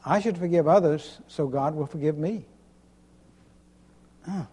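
A pastor preaching an emphatic sermon, repeating himself and chuckling between points. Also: male voice, a little high, a little slow, mellow, husky. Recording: long hall reverb.

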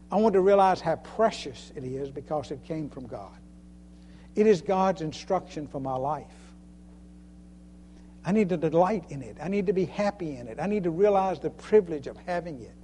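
A man's voice: on the high side, dark tone, a little hiss or hum. A man preaching a sermon in a folksy way, chuckling often and repeating phrases for emphasis. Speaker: preacher and Sunday school teacher.

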